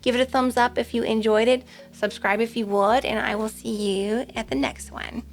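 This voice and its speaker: A woman's voice: on the high side, fairly even intonation, normal speed. A woman doing a casual pick-a-card tarot reading, chatty and rambling, with frequent ums. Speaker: tarot reader.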